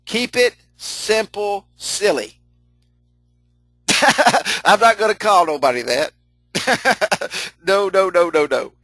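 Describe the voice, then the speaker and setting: A man's voice: high voice, expressive, slow, pauses often, sharp tone, dry recording, faint music behind, rough recording. A middle-aged man leading a live online training session, folksy and chatty, laughing often, repeating himself and answering chat comments as he goes.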